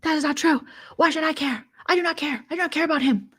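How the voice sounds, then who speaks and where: A shrill, whiny woman full of wounded outrage, as a vlogger puts her on. Her voice jumps well above its usual height and keeps a pleading, complaining edge. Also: quick pace, a bit bright. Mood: indignant. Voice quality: high, whiny. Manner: exaggerated outrage. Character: shrill indignant woman, grievance-heavy.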